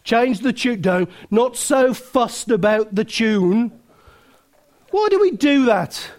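A man's voice: very high voice, animated, slow pace, a little mellow. A man preaching a sermon, emphatic, full of rhetorical questions and restarts.

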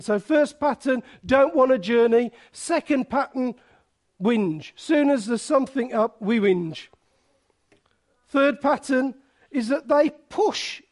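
A man preaching a sermon in a conversational way, often restarting phrases and acting out little asides. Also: very high-pitched.

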